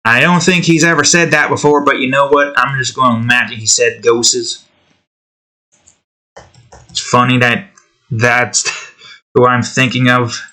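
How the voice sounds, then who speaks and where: A man's voice: mid-range voice, fairly even intonation, measured pace, long pauses, bright, forceful tone. A man hosting his own channel, chatting casually to himself as he draws, trailing off and thinking aloud. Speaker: channel host drawing on stream. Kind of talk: casual rambling commentary while drawing.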